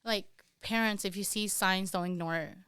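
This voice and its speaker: A woman's voice: medium pitch, normal speed, a bit bright, smooth, no room sound, studio quality. A woman who is a parent, speaking candidly and earnestly as a podcast guest, with many "you know" fillers. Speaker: guest, parent of an autistic child. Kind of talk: candid conversational interview.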